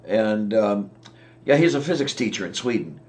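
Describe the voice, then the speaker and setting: Low-pitched male streamer, rambling casual chat, soft trailing delivery. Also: expressive, moderate pace. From southwest Pennsylvania. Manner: rambling, chuckling, trails off softly. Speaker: livestream host.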